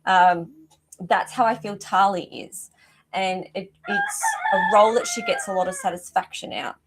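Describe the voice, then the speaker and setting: A woman's voice: medium pitch, moderate pace, heavy background noise. Chatty middle-aged woman, rooster outside. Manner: chatty, effusive, breaks off mid-sentence. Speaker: animal communicator, host. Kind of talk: live-stream psychic reading. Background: rooster crowing outside.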